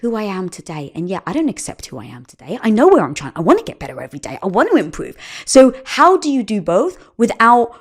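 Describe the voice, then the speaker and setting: A woman's voice: mid-range voice, fast talker, few pauses, breathy edge. A middle-aged woman speaking as a guest in a conversational interview, telling stories animatedly and acting out the dialogue. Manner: animated storytelling, acts out quoted dialogue. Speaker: podcast guest.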